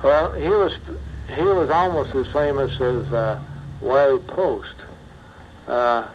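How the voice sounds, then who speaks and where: Old guy reminiscing about flying, lots of uhs, muffled old tape w faint hiss. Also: mid-range voice. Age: older. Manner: halting, many pauses and fillers. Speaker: retired bush pilot. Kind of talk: oral history interview.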